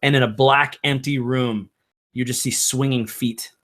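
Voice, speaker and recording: Slow-speaking male game master. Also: medium pitch, fairly even intonation, a bit bright, slight background noise. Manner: slow, halting narration with fillers. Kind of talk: narrating a tabletop game.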